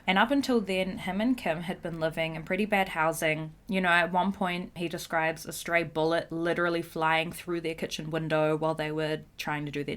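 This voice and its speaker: A young woman hosting a podcast, chatting casually and animatedly, with many "like"s and the odd swear word. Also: deep voice. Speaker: podcast host.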